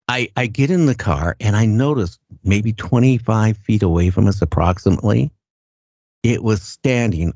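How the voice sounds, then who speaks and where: Older guy, really low voice, halting earnest storytelling, dull lo-fi audio. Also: mellow, breathy edge, no echo. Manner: halting, earnest, repeats words as he goes. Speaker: guest recounting an encounter. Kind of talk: casual first-person storytelling. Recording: dull lo-fi sound.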